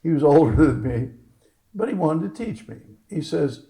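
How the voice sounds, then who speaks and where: A man's voice: on the high side, very animated, unhurried, warm tone, poor audio. A man, a doctor, telling a story at a live talk and acting out the lines of the people in it. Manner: acts out other people's lines in his stories. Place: fitness gym, indoors.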